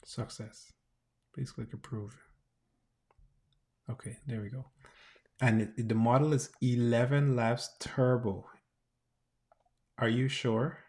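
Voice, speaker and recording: A man talks through a live coding session at an ordinary pitch, thinking aloud and often restarting mid-sentence. His speech is casual and unscripted, broken up by quick exclamations. Clicking is heard in the background. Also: fairly even intonation, a little mellow. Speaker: developer livestreaming.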